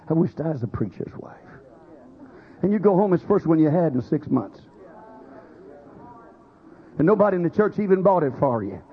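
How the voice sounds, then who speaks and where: A man's voice: sits high, dull audio. A man preaching a sermon, acting out quoted voices as he goes. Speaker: pastor.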